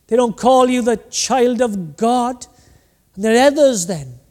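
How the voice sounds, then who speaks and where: A man's voice: very high-pitched, expressive, a little slow, a little mellow. A man preaching a sermon, emphatic and rhetorical. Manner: emphatic, rhetorical, acts out little voices. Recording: hall reverb.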